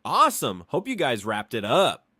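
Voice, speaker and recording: A man's voice: mid-range voice, huge pitch swings, normal speed, bright, forceful tone, husky, no echo, studio quality, full character voice. A man voicing a blunt, joking male friend in a spoken story.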